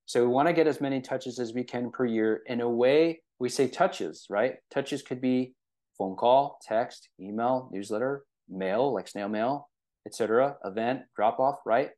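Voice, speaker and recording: With a medium-pitched, slightly mellow voice at normal speed, a man leads a real estate training conversationally. He frequently checks in with the audience and leans on fillers and a rhetorical "right?".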